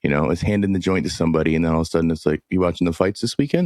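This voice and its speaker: A man's voice: sits low, fast talker, few pauses, darkish tone, no room sound, clean studio sound. A man hosting a podcast, talking casually in a laid-back, slangy way. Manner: laid-back slangy, says dude a lot. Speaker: podcast host. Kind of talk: casual chat.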